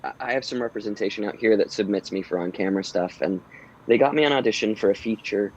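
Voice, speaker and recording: A relaxed man with a lowish voice talks through his work in a loose, meandering way, full of ums and false starts. The sound is a bit muffled and dull, like a lo-fi remote call. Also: fast talker. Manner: relaxed, rambling, many "um"s and restarts. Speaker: voice actor guest. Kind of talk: casual interview chat. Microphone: home recording booth.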